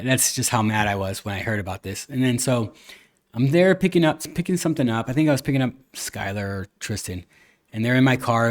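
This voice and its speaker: A man hosting a casual podcast chat, earnest and rambling, with many restarts and fillers. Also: medium pitch. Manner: earnest, occasionally cusses. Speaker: podcast host.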